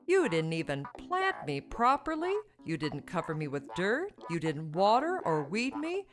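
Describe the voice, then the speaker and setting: A woman storyteller voicing an indignant talking sweet potato that scolds slowly and emphatically. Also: fairly low pitch, wildly swooping pitch. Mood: scolding. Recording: music bed behind.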